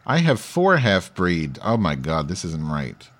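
A man's voice: low voice, wildly swooping pitch, a little slow. Crude New man muttering through a bit. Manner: crude, self-deprecating, switches between muttering and loud singing. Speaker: radio comedian writing a song parody. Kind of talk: comedic radio bit, singing parody lyrics.

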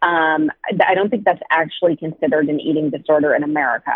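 A woman's voice: sits low, fast talker, slightly rough, dry recording. A woman calling in by phone, chatting casually and hesitantly with frequent ums. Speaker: phone caller. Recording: tinny phone line.

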